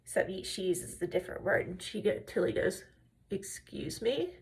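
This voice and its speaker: A makeup and faith vlogger with a fairly low voice and level tone talks a little fast while doing her makeup. She chats casually, telling stories, drifting into tangents and explaining each step like a tutorial.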